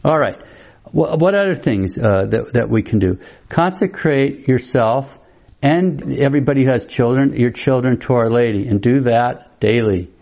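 Male priest, mid-pitched and mellow, casual teaching sermon, lo-fi audio. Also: gravelly. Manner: brisk, conversational, self-interrupting. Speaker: Catholic priest. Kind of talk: informal teaching talk.

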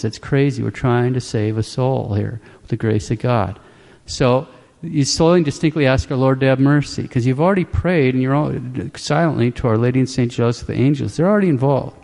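A man with a mellow, warm voice teaches in a calm, plain-spoken way, often repeating his key points. His voice rings with a long reverb, as if in a large hall. The pitch sits at an ordinary middle level. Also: brisk, gravelly. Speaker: Catholic preacher. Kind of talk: instructional religious talk.

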